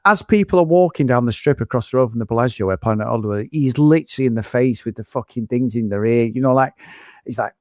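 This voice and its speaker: A man's voice: medium pitch, fast, dry recording. Give me a man in a medium voice, swearing and rambling through a story. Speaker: podcast co-host. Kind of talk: casual chat, anecdote.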